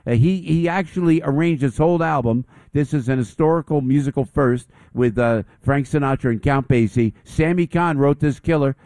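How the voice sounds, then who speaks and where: A man's voice: mid-range voice, normal speed, hardly any pauses, darkish tone, no room sound. A man hosting a live radio show from a jazz club, effusive and gushing with thanks and praise.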